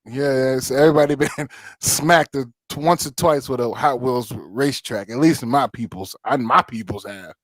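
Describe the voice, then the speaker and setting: A man co-hosts a podcast in casual chat. He mostly chimes in with quick reactions and laughs, and his voice is mid-pitched and sounds dry and close. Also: no room sound. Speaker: podcast co-host.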